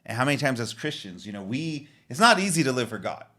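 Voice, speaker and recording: A man's voice: mid-range voice, very animated, fast talker, pushed and bright. A middle-aged man hosting a podcast, talking earnestly and with feeling in casual chat, retelling scenes. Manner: earnest, emotional, retells scenes with quoted lines. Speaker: podcast host.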